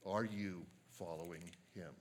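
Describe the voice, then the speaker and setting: A man preaching a sermon as a pastor, earnest and measured, slowing down to stress quoted lines. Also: low-pitched, fairly even intonation, slight background noise.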